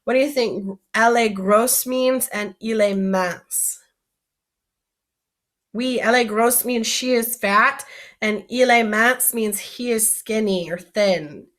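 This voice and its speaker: A woman's voice: a little high, a bit bright. Patient woman teaching a vocabulary lesson. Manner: patient, explains each word slowly and asks the students questions. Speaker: French teacher.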